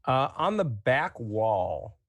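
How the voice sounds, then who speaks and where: A man narrating as game master in a tabletop game, relaxed and chatty with many fillers. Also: medium pitch, slow pace, no echo.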